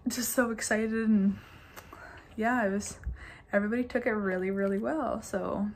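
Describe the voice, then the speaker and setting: A woman's voice: mid-range voice, creaky, slight background noise. Chatty young woman telling a story. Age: 20s. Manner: chatty, says "like" constantly, laughs between bits. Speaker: vlogger. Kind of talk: casual storytime chat.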